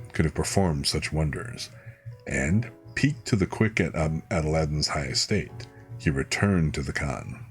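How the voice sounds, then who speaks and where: A man calmly reading a fairy tale aloud as a bedtime story, unhurried, with small slips he corrects. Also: extremely low pitch. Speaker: streamer reading fairy tales.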